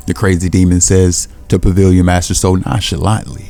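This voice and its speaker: A man's voice: sits low, little pitch movement, brisk, gravelly, warm tone, soft background music. A man narrating a comic recap in a casual, slangy, offhand way.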